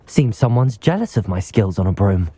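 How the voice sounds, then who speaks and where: Cocky young student wizard in a game, mellow tone, lively pitch. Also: normal speed, husky. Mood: confident. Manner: cool, self-assured.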